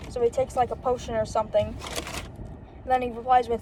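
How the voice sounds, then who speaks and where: High-voiced woman reading a comic aloud haltingly. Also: level tone, noisy background. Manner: reads haltingly, repeating "and then she says" and correcting slips; adds brief unsure asides to the reading. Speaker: comic book reader.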